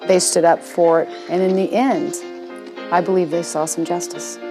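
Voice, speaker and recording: A woman in an interview, telling memories with animated laughter. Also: fairly low pitch. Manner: animated, laughs while recalling. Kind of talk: reminiscing interview.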